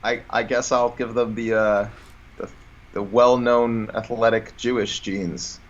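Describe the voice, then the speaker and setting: A man joining a casual podcast as a guest, joking in quick banter. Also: on the low side, flat delivery, muffled recording.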